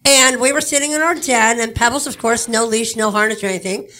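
Bright woman telling a chatty story. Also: a little high, steady tone, a little fast. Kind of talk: telling a personal story to an audience.

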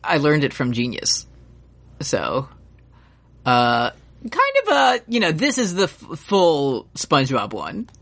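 A man's voice: a little high, wildly swooping pitch, slow, fairly bright tone. Male co-host, english-teacher type, loose rambling chatter full of filler and swearing. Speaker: podcast co-host. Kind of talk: casual chat.

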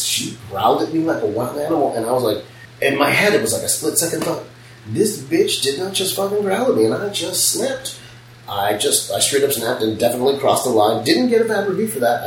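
Brief: quick-talking, foul-mouthed shop owner chatting, miked from a distance in a roomy space. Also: male voice, mid-range voice, expressive, slight background noise. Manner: blunt, profane storytelling. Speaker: piercing studio owner. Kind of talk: casual podcast chat. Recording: roomy, distant mic, faint ambience.

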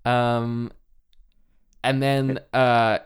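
A man's voice: mid-range voice, little pitch movement, drawn-out words, smooth. A man casually retelling a fairy tale with wry humor, using fillers, as a podcast co-host. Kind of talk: casual comedic storytelling.

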